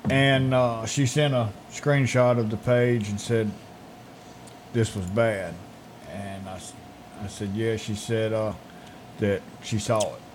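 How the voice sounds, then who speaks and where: Laid-back radio co-host. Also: male voice, on the low side, steady tone, slow pace, a little hiss or hum. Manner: laid-back, short agreeing replies, quiet when earnest. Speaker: morning show co-host. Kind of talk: casual morning show chat.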